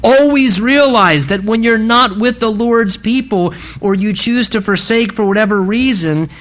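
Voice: mid-range voice, measured pace, a bit bright. A pastor preaching a sermon in a conversational, emphatic way, often repeating key phrases for weight. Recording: dull lo-fi recording.

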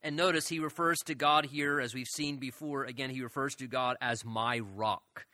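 Earnest preacher with a bright, dry voice. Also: male voice, medium pitch, fairly even intonation, no room sound. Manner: earnest, emphatic with drawn-out quoted lines. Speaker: pastor. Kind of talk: expository sermon.

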